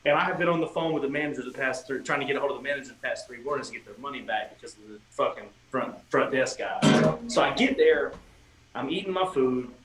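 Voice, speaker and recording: Guest musician, male, lively anecdote teller, roomy echo. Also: medium pitch, quick pace, over loud music. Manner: animated storyteller, swearing, acting out quotes. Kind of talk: casual storytelling on a livestream. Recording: echoey room with faint ambient noise.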